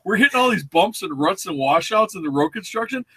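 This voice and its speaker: A man's voice: high-pitched, lively intonation, brisk, a bit bright, husky. A man co-hosting a casual chat show, telling stories and acting out the voices of the people in them. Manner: storytelling, acts out quoted voices. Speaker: show co-host.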